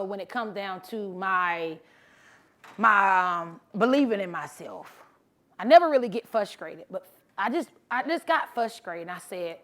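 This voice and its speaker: A woman who drives trucks, telling her story in a bubbly, animated motivational speech to a live audience and talking casually to the crowd. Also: mid-range voice. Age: adult, mother of sons. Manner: casual, chatty, addresses crowd as honey and y'all. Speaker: truck driver and social media creator. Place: live event before an audience.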